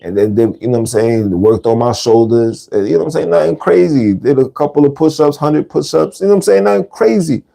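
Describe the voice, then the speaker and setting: A man's voice: medium pitch, animated, a little fast, creaky, hardly any pauses, dark tone. A man hosting a podcast, talking casually in street slang and repeating words for emphasis. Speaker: podcast host. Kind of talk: casual monologue.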